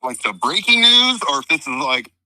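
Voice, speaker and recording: A man's voice: a little high, sing-song, normal speed, bright, forceful tone, clean tone, dry recording, poor audio. A man with a Midwestern American accent telling a story in an interview, rambling with lots of fillers, swearing freely and acting out what people said. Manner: profane, rambling, uses many fillers; acts out quoted dialogue. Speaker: interviewee, trial witness.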